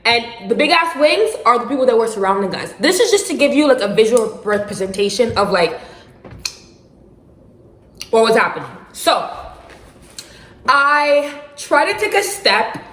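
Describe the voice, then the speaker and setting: A young adult woman casually telling a dramatic personal story for her vlog, animated and slangy with bursts of laughter. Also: fairly high pitch, moderate pace, pauses often. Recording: roomy echo.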